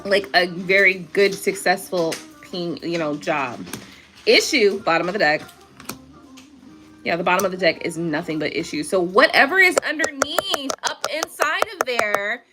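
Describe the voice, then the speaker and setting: Soft music plays behind a tarot reader, a young woman hosting a relaxed live reading with features. Her mid-range voice is animated and sharp at a normal speed, and she chats freely, laughs a lot, curses, and reads out comments from viewers.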